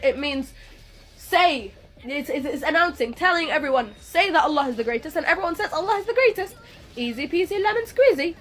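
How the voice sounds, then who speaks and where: Sassy high-voiced young woman lecturing. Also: a bit bright. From Palestine. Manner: sassy, lecturing, rhetorical questions. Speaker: video creator. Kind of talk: speaking to camera over a speedpaint.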